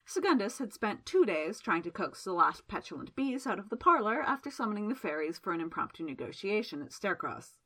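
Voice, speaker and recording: Lively female storyteller for audiobook; bright, slightly breathy tone. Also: medium pitch, a little fast, hardly any pauses. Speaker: narrator. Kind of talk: audiobook narration.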